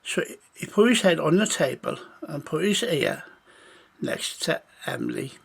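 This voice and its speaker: A man's voice: a little high, lively intonation. A man telling an improvised children's story in a meandering way. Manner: gravelly, slow and meandering.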